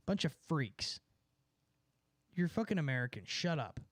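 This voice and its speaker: Young Californian man, mocking casual chatter, slightly high voice. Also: sing-song, a bit bright, no room sound, clean studio sound. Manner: sarcastic, mocking, quick asides with laughs. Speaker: streamer. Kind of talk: casual ranting chat.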